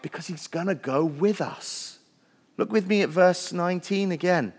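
Male pastor, earnest sermon delivery, slightly high-pitched, church hall echo. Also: normal speed. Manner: earnest preaching, building lists with rising emphasis. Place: church sanctuary.

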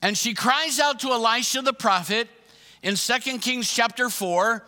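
A man's voice: extremely high pitch, moderate pace, pushed and bright, big-room sound. A man preaching a sermon, emphatic and repeating his questions to the congregation. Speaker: pastor.

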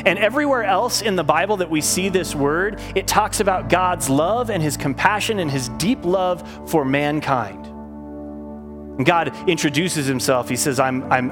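A man preaching a sermon, fervent and stumbling over repeated words when he gets excited. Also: fairly high pitch. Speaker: pastor. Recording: music playing behind the voice.

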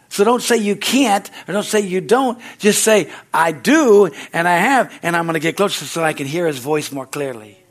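A man preaching a sermon in a conversational style, often asking the congregation "Amen?" and acting out quoted voices, rising loud at climaxes and dropping soft. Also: high voice. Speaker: pastor.

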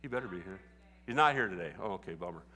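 A man's voice: low voice, expressive, very fast, pushed and bright. A man preaching a sermon as pastor, chatty at first and rising to fervent exhortation. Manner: conversational, building to fervent exhortation. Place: church sanctuary. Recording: long reverb of a large hall.

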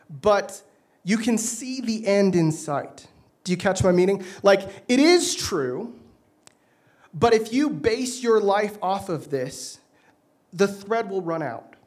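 A man preaching, telling a self-mocking story with animated delivery and frequent laughs. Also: high-pitched. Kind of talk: sermon with personal story.

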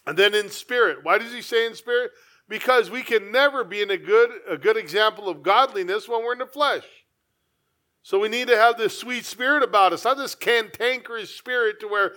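Man, pastor, sermon, high voice, earnest conversational preaching. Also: normal speed, bright, forceful tone.

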